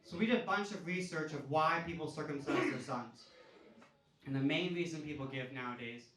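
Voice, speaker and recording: A man in his thirties telling stories in a stand-up comedy set, casual and conversational, now and then breaking into loud yelling for the punchline. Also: a little high, fairly quick. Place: comedy club stage before a laughing audience. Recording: roomy club sound, caught from a distance.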